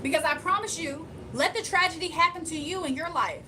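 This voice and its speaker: A woman's voice: very high-pitched, fairly quick, background noise. A young woman hosting a livestream, making emphatic, repetitive points and talking straight to her chat. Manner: emphatic, repeats points, addresses chat directly. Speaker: livestream host. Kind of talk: heated livestream rant.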